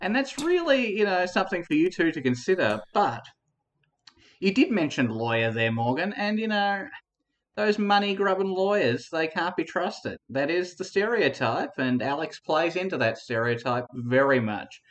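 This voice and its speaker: A man's voice: a little high, expressive, moderate pace, a bit bright. Rambling, laughing male podcast co-host. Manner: rambling, mock-conspiratorial, laughing. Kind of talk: comic mock debate.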